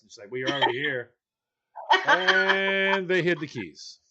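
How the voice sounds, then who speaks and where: A man's voice: on the high side, unhurried, highs cut off, a little hiss or hum. A man co-hosting a casual chat show, telling a comic story and acting out the other people in it. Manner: animated, acts out quoted voices. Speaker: podcast co-host.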